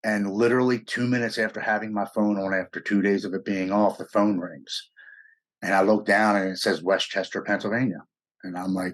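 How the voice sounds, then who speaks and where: Husky-voiced man telling a raw story. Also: fairly low pitch, steady tone, moderate pace. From United States. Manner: blunt, raw, profane, emotional. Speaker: interview guest. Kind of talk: candid personal storytelling.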